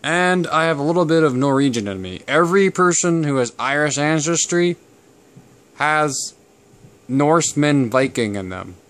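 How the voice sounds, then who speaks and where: Rambling man with a smooth voice. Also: on the high side, animated, moderate pace, a bit bright. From Canada. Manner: rambling and digressive, with many fillers. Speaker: channel host. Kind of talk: casual talk to camera about family history.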